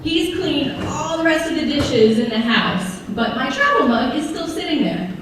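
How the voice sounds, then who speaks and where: High-voiced sarcastic woman doing stand-up. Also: normal speed. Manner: sarcastic, animated storytelling. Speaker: stand-up comedian. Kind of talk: stand-up comedy routine. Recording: echoey venue, mic far off.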